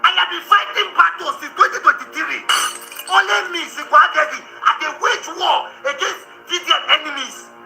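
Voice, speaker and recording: A man with a Nigerian accent ranting in a vlog, loud and combative, often breaking into laughter and shouts. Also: extremely high pitch, brisk, creaky, echoey room, faint music behind, rough recording. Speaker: social media commentator.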